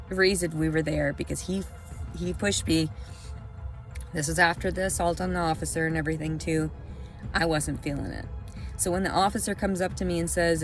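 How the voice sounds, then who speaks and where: Profanity-laced ranting young woman. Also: on the low side. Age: young adult. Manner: profane, angry, swings from quiet to loud. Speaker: vlogger. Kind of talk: emotional rant to camera.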